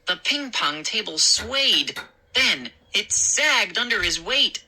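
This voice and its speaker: A woman reads a scary children's story aloud at an unhurried pace. Her voice is bright and crisp-edged, and her pitch moves with lively expression. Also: a little hiss or hum, rough recording.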